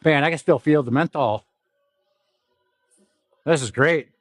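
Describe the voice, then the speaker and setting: A man's voice: fairly high pitch, measured pace, no room sound, soft background music. A young man with a nasal, stuffy voice chatting casually and profanely while livestreaming from an indoor gym. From South Dakota. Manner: profane, rambling, laughs often. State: stuffy nose. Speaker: fitness vlogger.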